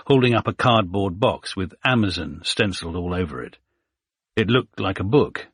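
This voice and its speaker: A man reads a suspense thriller aloud in a steady, measured manner. His voice is husky and sits fairly low. The recording is dry and close, with no room sound. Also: no echo. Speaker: audiobook narrator. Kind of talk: scripted thriller narration.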